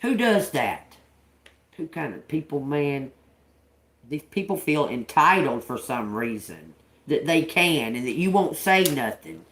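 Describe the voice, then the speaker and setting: A woman's voice: low-pitched, big pitch swings, a little slow, fairly bright tone. A woman, a tarot reader on a livestream, telling stories bluntly with lots of swearing and laughter. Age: adult with a grown daughter. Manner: blunt and profane, laughs often. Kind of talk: casual livestream storytelling. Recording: roomy echo.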